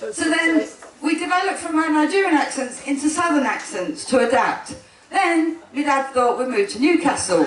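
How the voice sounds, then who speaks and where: Heavy background noise surrounds a high-voiced woman giving a speech at an indoor wedding, where she is twin sister to one of the brides. Chatty and laughing, she keeps interrupting herself, and the echoey room and distant mic add to the muddy sound.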